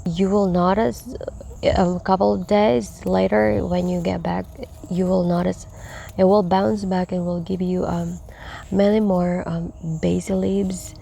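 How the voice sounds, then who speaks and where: A woman hosting a gardening vlog outdoors in her backyard garden, talking softly with many fillers and often dropping to a whisper. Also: fairly low pitch, flat delivery, unhurried, vocal fry, slight background noise. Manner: soft-spoken, slips into whispers, many fillers. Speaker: gardening vlogger. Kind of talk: casual harvest walkthrough. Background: crickets and insects.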